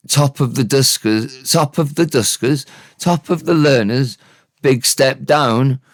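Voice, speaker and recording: Welsh-accented male teacher, slow and low, dry close mic, self-correcting. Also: clear, resonant tone, dry recording. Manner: unhurried, thinking aloud, correcting himself. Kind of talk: casual spoken language lesson.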